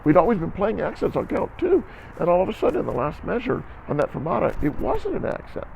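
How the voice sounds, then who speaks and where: A man's voice: high voice, wildly swooping pitch, fast talker, gravelly, a little mellow, dull audio, slight background noise. A man teaching a band lesson on video, counting aloud and coaching students, often checking in with "okay?". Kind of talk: instructional music lesson video.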